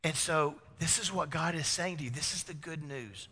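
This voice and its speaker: Animated male pastor preaching in an echoey hall. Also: on the high side, normal speed, breathy edge. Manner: animated storytelling, acts out dialogue, swings from loud to hushed. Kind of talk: sermon.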